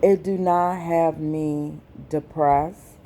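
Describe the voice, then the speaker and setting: A woman vlogger, speaking slowly and with feeling in a personal message to her viewers. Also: low-pitched, steady tone, mellow, a little hiss or hum. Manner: slow, deliberate, emotional.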